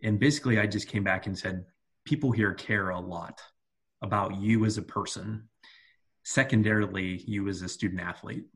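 A man's voice: lowish voice, steady tone, moderate pace, fairly bright tone, husky. A man co-hosting a coaching podcast, talking in an earnest, reflective way with frequent fillers and restarts. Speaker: podcast co-host, soccer coach. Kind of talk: casual podcast chat.

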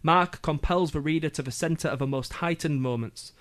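A man from Yorkshire with a Yorkshire accent, running through event listings on the radio. He talks in a loose, chatty way, with ums and jokey asides. His voice sits a little high for a man. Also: moderate pace. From Yorkshire, England. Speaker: radio presenter.

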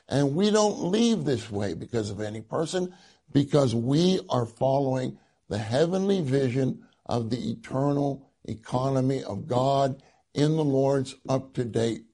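A man giving an earnest sermon to a congregation, reading passages aloud and slowing down to stress key words. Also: medium pitch, mellow. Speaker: church speaker.

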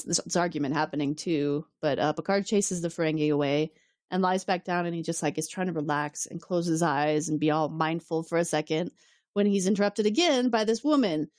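A woman co-hosting a podcast in casual chat, recapping an episode with lively acted-out lines and frequent laughter. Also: lowish voice, dry recording, studio quality. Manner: animated, acts out characters' lines, laughs often. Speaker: podcast co-host.

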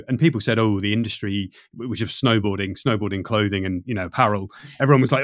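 A middle-aged man from the United Kingdom, a coach chatting as a podcast guest, talking fast with lots of restarts and fillers. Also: lowish voice, no room sound, clean studio sound. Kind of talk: casual podcast conversation.

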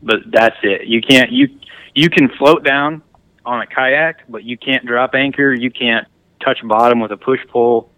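A man appearing as a guest on a hunting podcast, talking in an easygoing, plain-spoken way with some halting restarts. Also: medium pitch, pushed and bright, clear, resonant tone, no room sound, rough recording. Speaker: podcast guest, duck hunter. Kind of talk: casual interview chat.

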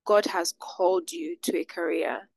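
A woman's voice: mid-range voice, very animated, a little slow, creaky, dry recording. A woman moderating a live session, asking a long question and rephrasing it as she thinks aloud.

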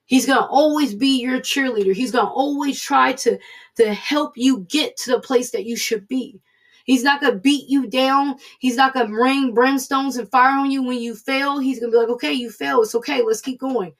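A woman's voice: sits high, normal speed. A woman giving an earnest, conversational devotional Bible teaching, speaking encouragingly as a Bible study teacher.

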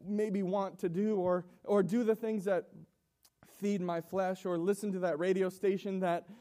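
A young man preaching an emotional sermon in a church, halting and repeating himself with nervous laughs. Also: sits high, level tone, mellow. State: emotional, coughing.

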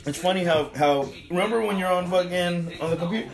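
A man's voice: sits high, quick pace, crowd noise, poor audio. A man chatting casually on a podcast, rambling and swearing constantly. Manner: profane, rambling, animated. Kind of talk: casual chat.

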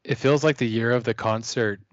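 A man's voice: medium pitch, brisk, dry recording. A man co-hosting a podcast in casual chat, talking enthusiastically. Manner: enthusiastic, excitable. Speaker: podcast co-host. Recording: dull lo-fi audio.

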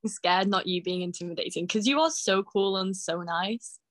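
A young woman co-hosting a podcast over a call, soft-spoken, agreeable and a little hesitant. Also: mid-range voice, moderate pace, dry recording. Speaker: podcast co-host. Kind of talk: casual chat.

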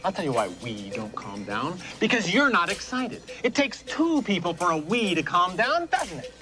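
A man's voice: high-pitched, sing-song, moderate pace, music in the background. A ranting, indignant man. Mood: sarcastic. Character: furious middle-aged man ranting over hot dog buns. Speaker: film character.

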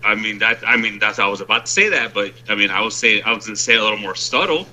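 A man with a very bright, sharp-edged voice trading jokes in casual conversation. His pitch swings freely as he teases and needles with dry wisecracks. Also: animated, very fast. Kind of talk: casual teasing chat.

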